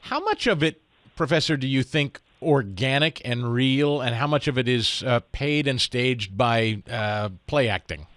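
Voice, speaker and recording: A man hosting a talk radio show, giving brisk introductions and asking conversational questions. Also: medium pitch, animated, a bit bright, dry recording.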